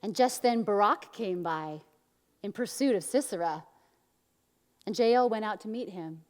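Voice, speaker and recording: A woman pastor delivers a storytelling sermon in a mid-range voice. She leans into the quotes, rising loud and then dropping soft. Her voice carries a long reverb from the church hall. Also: measured pace. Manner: animated storytelling, acting out quotes with big swings of pitch and loudness.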